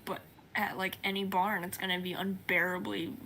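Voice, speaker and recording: A woman's voice: mid-range voice, level tone, moderate pace, bright, forceful tone, low-quality recording. A young woman chatting casually while gaming, telling stories and complaining, sometimes dropping to a whisper. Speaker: streamer co-host.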